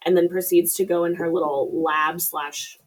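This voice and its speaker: A woman's voice: on the low side, flat delivery, normal speed, low-quality recording. A woman co-hosting a podcast, retelling a film's plot in a chatty, blunt way with fillers. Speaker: podcast co-host. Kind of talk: casual film recap chat. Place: room shared with co-host.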